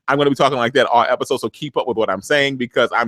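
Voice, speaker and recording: A man hosting a live TV recap show, talking fast and acting out scenes in funny voices. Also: mid-range voice, dry recording. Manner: animated, acts out scenes in voices.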